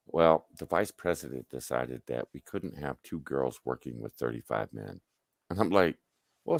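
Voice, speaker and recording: Low and gravelly, a middle-aged man's voice carries casual work stories on a livestream. He swears freely and plays out other people's quotes in an animated way, recorded in studio quality with no echo.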